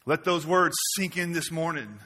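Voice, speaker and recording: A middle-aged man preaching a sermon as pastor, swinging between shouted passages and hushed, intimate ones. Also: fairly high pitch, expressive, normal speed. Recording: long hall reverb.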